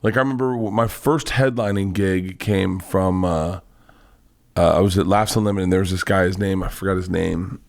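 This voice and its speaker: A man who is a guest comedian, telling a rambling, profane story in casual chat, with quick restarts and lively retelling. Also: sits low, gravelly.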